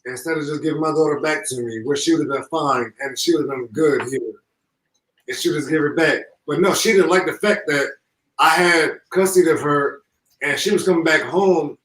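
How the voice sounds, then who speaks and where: A man's voice: on the high side, fairly bright tone. Grieving man on an echoey far-off line. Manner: halting, repeats himself, impassioned. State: holding back tears. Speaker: grieving father, guest. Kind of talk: emotional live call-in.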